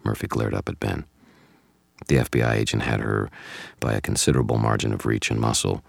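Brief: male first-person audiobook narrator, wry and measured, dry close sound. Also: a bass voice, little pitch movement, vocal fry, no room sound.

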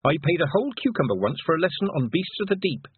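A prim, stubborn young girl who explains things with firm certainty, as a man puts her on. The voice sits raised above his own and keeps a husky edge, with lively ups and downs. It comes through thin and phone-like. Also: on the high side, quick pace, dry recording, voice pushed up, full character voice. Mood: matter-of-fact. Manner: prim, insistent, lecturing.

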